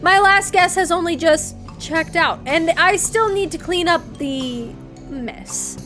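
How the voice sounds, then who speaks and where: A woman voicing a creepy, grinning, hunched male innkeeper in a comedy western game, with a slight lisp and odd emphasis, drawling slowly and then jumping high in pitch. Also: music in the background. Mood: sinister. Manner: slow, sing-song with sudden high jumps.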